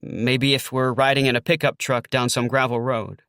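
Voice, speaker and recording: A man's voice: mid-range voice, steady tone, normal speed, hardly any pauses, fairly bright tone, no room sound. A young adult man narrating a first-person audiobook, hesitant with dry understatement.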